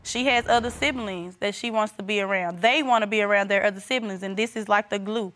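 A woman's voice: mid-range voice, a little fast, fairly bright tone. A woman testifying in a TV courtroom as the child's mother, insistent and defensive, repeating her denials.

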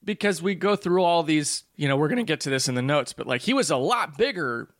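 Male co-host, slightly high voice, easygoing and giggly, dry close recording. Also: brisk, dry recording. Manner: laid-back, giggly, deadpan protests. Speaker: podcast co-host. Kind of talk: casual comedic podcast chat.

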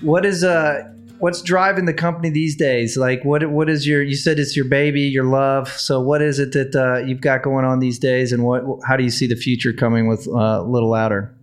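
A man's voice: medium pitch, flat delivery, a little fast, hardly any pauses, faint music behind. A man hosting a podcast interview, asking long, conversational questions. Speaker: podcast host.

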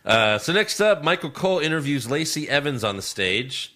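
A man's voice: a little high, very animated, moderate pace, pushed and bright. A man hosting a podcast, recapping wrestling in loose casual chat, rambling with laughs and casual swearing. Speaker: podcast host.

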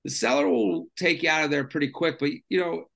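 A man's voice: fairly high pitch, a little fast, vocal fry. A man, a stand-up comedian guest, telling stories in a casual, rambling chat full of fillers. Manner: rambling, filler-heavy, animated storyteller.

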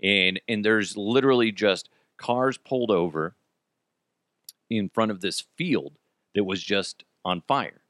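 A man's voice: on the low side, slow, a bit bright, no room sound, clean studio sound. A man in his thirties hosting a podcast, telling a story in a rambling, self-deprecating way and swearing freely. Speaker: podcast host. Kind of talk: casual storytelling monologue.

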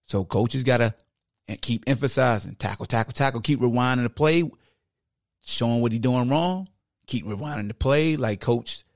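Gravelly dude on his podcast breaking down football plays, animated, talks like a coach. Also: mid-range voice, moderate pace, no room sound, studio quality. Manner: slangy, conversational. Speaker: podcast host. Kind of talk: casual football film breakdown.

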